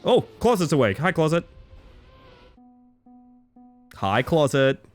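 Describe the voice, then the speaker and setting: With faint background music, an Australian man with a fairly high voice gives very animated live-stream gaming commentary at a moderate pace. He's chatty and casual, swearing and chanting silly words as he plays.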